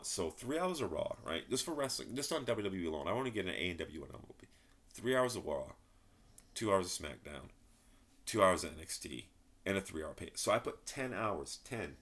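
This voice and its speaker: A man's voice: deep voice, fairly bright tone. A man giving a frustrated, rambling wrestling review, swearing and repeating himself. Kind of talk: ranting solo commentary.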